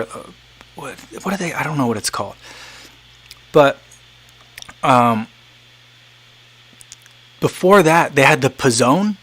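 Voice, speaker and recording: A man in his thirties with a medium-pitched, fairly bright voice hosts a casual livestream. He chats loosely and reads viewer comments, rambling with many fillers and restarts.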